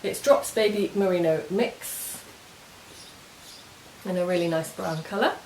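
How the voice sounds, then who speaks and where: A woman on the low side of the pitch range speaks at a measured pace as she hosts a knitting podcast. In relaxed show-and-tell chat, she meanders through step-by-step explanations of her projects. The room echoes, and a faint hiss is audible.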